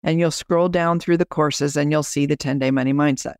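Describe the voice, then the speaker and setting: A woman's voice: deep voice, fairly even intonation, brisk, a little mellow, dry recording, clean studio sound. A woman podcast host and business coach, chatting as she explains her program and guides listeners through an exercise.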